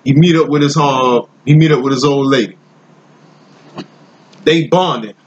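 A man telling a story in a casual, slangy, animated way, laughing as he goes. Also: mid-range voice, normal speed, long pauses, dull audio, slight background noise.

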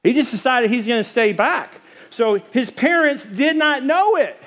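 A middle-aged man preaches from a church stage, his voice sitting high for a man. He jokes with the congregation and slips into little acted-out scenes as he talks. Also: unhurried. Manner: animated, joking, acts out quotes. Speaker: pastor. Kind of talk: sermon. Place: church sanctuary.

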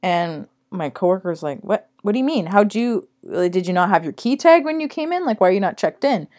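Speaking a little fast in a mid-range voice, a young podcast co-host swaps stories in casual conversation. She's animated and foul-mouthed, acting out other people's quotes as she goes.

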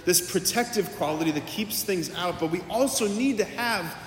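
Speaking at a moderate pace in a high-sitting voice, a male priest delivers his sermon as a conversational story, voicing the lines of dialogue himself. It was captured from afar in an echoey church, with a faint hiss or hum.

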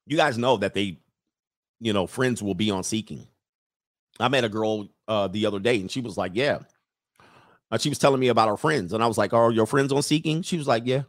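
A man's voice: fairly low pitch, brisk, dry recording, studio quality. A man hosting a live stream, reading viewer comments aloud and riffing on them in a loose, joking way. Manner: loose, joking, talks straight to the chat. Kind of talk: casual commentary.

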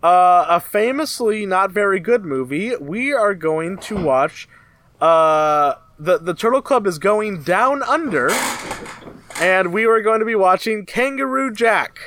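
A man's voice: sits high, expressive, measured pace, fairly bright tone, slight background noise. A man co-hosting a casual podcast, steering the talk and announcing what comes next. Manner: leads the show, announces segments. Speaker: podcast co-host.

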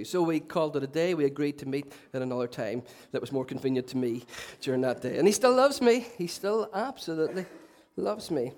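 A man's voice: a little high, animated, brisk, few pauses, darkish tone. A man preaching a sermon to his church, chatty and self-mocking with joking asides. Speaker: pastor. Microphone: handheld mic.

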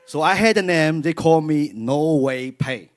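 A man from China with a Chinese accent, telling his story on stage in halting English and laughing often. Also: a little high, slight background noise. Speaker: church guest. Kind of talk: on-stage testimony interview.

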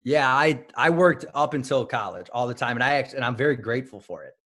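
This man speaks fairly quickly in a mid-range, slightly bright voice. He's in his thirties, once wrestled, and comes from Highland Park, Illinois. As a guest in a relaxed interview, he tells stories with lots of fillers and restarts.

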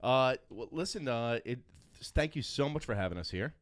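A man's voice: mid-range voice, lively intonation, moderate pace. A man hosting a podcast in casual chat, rambling and joking with frequent restarts. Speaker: podcast host.

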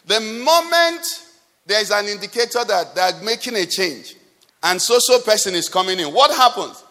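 A man's voice: high voice, very animated, moderate pace, pushed and bright. A man preaching a sermon, asking the congregation rhetorical questions with emphasis. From Nigeria. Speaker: pastor. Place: church hall. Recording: long hall reverb.

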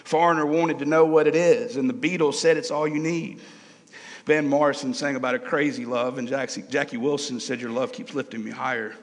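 A man's voice: a little high, steady tone, a little fast, in a large hall. A man preaching a sermon, earnest and emotional, his voice rising and falling as he repeats key phrases.

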